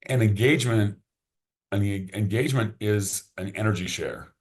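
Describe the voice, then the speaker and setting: A man's voice: lowish voice, normal speed, a little mellow. A man, a podcast guest, chatting casually and enthusiastically, often restarting his sentences. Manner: enthusiastic, rambling, repeats words when starting sentences.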